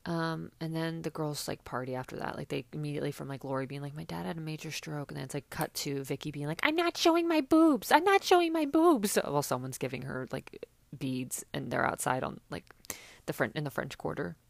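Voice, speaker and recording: A woman's voice: deep voice, steady tone, brisk, gravelly, no echo. A young woman chatting casually and sarcastically as a podcast host, with many fillers. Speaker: podcast host recapping reality TV. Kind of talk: casual chat.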